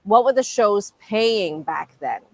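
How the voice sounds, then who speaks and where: A woman's voice: medium pitch, animated, takes it slowly, a little mellow. A woman hosting an interview, reacting with brief encouraging words and questions. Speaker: host. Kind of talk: interview chat.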